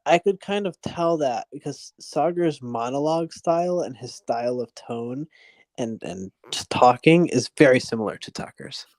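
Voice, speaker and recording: A man in a casual political chat who talks loosely and often restarts his sentences. His voice is mid-pitched. The sound is close and dry, with no room echo. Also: lively intonation, moderate pace, a little mellow. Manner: conversational, repeats words when starting. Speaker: co-host.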